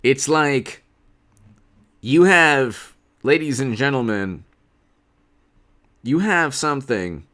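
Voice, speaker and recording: A man's voice: medium pitch, expressive, takes it slowly, long pauses, fairly bright tone. A man hosting a political commentary livestream, talking in a sarcastic, rambling way.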